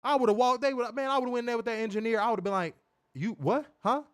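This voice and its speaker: In a very high, clean-toned voice, this podcast co-host races through profane, casual commentary on wrestling. He's animated, swears freely, laughs loudly, and imitates other people's voices.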